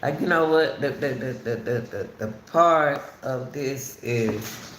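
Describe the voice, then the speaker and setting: Woman chatting commentary to her viewers, drawls slow and repeats herself, roomy echoey sound with faint noise behind. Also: extremely low pitch. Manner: repetitive, emphatic, talks straight to viewers. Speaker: commentary channel host. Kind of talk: casual spoken commentary on a case.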